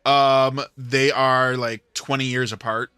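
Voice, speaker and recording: A man's voice: mid-range voice, flat delivery, slow pace, sharp tone, smooth, no room sound. A man hosting a livestream, telling a rambling story in casual chat with plenty of filler words. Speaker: livestream host.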